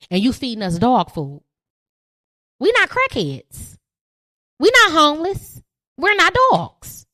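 Young woman, podcast host; loud, profane, preachy rant with a lively, swooping delivery. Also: fairly high pitch. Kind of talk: ranting monologue.

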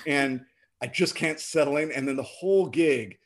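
A man with a husky, slightly breathy voice tells a story from his gigging past in a relaxed, chatty way. He slips into animated voices for the people in his anecdote. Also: a little high, normal speed. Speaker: drummer and co-host. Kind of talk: casual storytelling.

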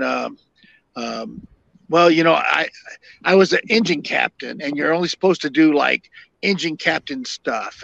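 An older man, a podcast guest and former fire captain, telling long stories in a halting way with many fillers and restarts. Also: a little high, creaky, fairly bright tone, a little hiss or hum. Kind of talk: storytelling interview. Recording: dull lo-fi dry sound.

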